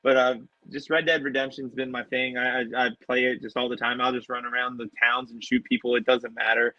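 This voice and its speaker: A man's voice: mid-range voice, level tone, fairly quick, dry recording, lo-fi sound. A man, a professional wrestler, telling stories in a casual interview, acting out quotes with animation.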